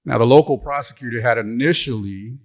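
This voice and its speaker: A man's voice: mid-range voice, brisk. A middle-aged man and retired pastor giving a storytelling conference lecture, folksy and humorous, on a stage mic. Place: conference hall.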